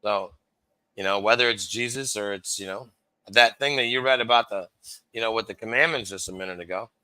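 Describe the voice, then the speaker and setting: Animated man telling stories on a call. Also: on the low side, fairly quick, clear, resonant tone, no room sound, poor audio. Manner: animated, acts out quoted dialogue, swears casually. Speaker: guest. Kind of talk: casual storytelling on a video call. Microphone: video call.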